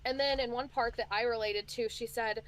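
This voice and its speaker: A woman's voice: on the high side, fairly even intonation, a little fast, a little hiss or hum. A woman co-hosting a casual book chat, rambling with fillers and restarts as she recaps a story. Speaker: book channel co-host.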